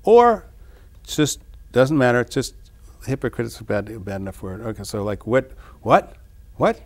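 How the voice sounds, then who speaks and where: A man discussing his own song lyrics in an interview, reading lines and then explaining them in a musing, halting way. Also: mid-range voice, big pitch swings, darkish tone. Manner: halting, many restarts. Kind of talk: reflective interview talk.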